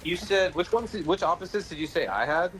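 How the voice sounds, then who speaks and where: A man's voice: high-pitched, animated, fairly quick, a bit bright, low-quality recording. A man chatting casually as a guest, joking and asking curious questions. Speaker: guest in voice chat. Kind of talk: casual chat.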